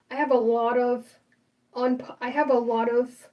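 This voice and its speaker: High-voiced rambling woman livestreamer. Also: level tone, slow pace, a little mellow, far from the mic, dull audio. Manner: rambling and opinionated, full of fillers and restarts. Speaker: livestream host. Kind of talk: casual livestream chat.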